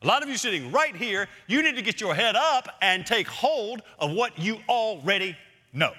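A man preaching a sermon with a bright, fairly high voice that rises and falls in lively swings. He hammers his points through repetition, dropping to a hush before lifting again. The sound carries the long reverb of a large church hall. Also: normal speed. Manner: emphatic preaching, repeats key phrases, swings from loud to hushed. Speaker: senior pastor. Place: church sanctuary.

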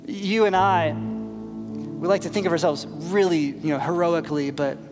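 High-voiced pastor preaching in a hall. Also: male voice, fairly even intonation, measured pace, over music. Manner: dramatic, rising to loud emphasis and dropping to near whispers. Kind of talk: sermon.

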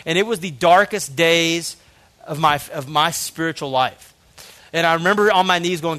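A man's voice: fairly high pitch, moderate pace, sharp tone. Earnest man preaching with a lighter voice. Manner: earnest, emotional storytelling with frequent "man". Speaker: pastor. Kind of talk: sermon.

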